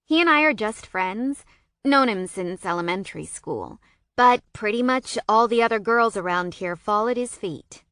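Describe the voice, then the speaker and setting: A woman voicing a gossipy, excitable teenage girl who teases her best friend bluntly in an audiobook. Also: medium pitch, moderate pace, clean tone, no echo, studio quality, natural voice.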